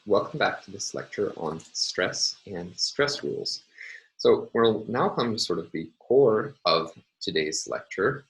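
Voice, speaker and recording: A man lecturing on phonology in a measured, explanatory way, pausing often with "uh" and "um". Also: sits low, fairly bright tone, low-quality recording. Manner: measured, explanatory, with frequent "uh" and "um" pauses. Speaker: university lecturer. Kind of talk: recorded academic lecture.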